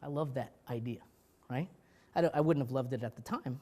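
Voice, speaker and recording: A male pastor preaching a sermon, telling stories with urgency that drops to hushed tones, often restarting his words. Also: medium pitch, brisk. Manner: animated storytelling, swinging from loud urgency to quiet.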